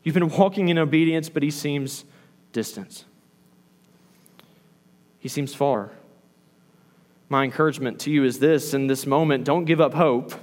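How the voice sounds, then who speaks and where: Animated male pastor preaching in a hall. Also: fairly high pitch, brisk, few pauses. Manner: animated, acts out quoted lines. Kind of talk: sermon.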